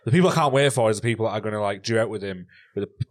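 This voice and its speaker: A man's voice: lowish voice, rapid-fire. A man co-hosting a podcast, telling stories in a casual chat and acting out the voices of the people in them. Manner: animated storytelling, acts out voices. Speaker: podcast co-host.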